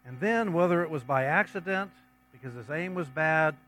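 A preacher with a slightly raised voice. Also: male voice, a little high, animated, moderate pace, a bit bright, low-quality recording. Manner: reads scripture passages aloud, then comments on them conversationally. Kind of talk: sermon.

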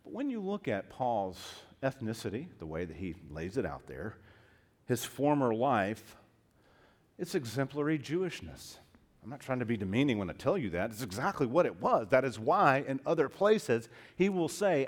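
Man, pastor, sermon, impassioned preaching, swings from hushed to loud, calls listeners beloved. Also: mid-range voice, sing-song, moderate pace. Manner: addresses listeners as beloved and dear friends.

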